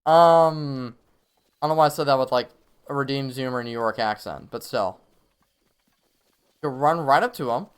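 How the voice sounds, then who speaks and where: Streaming live gameplay, a young man gives casual tips and tactical commentary, chatting away with frequent laughs and lots of fillers. His mid-range voice has a clear, resonant tone, and he speaks a little fast with frequent pauses.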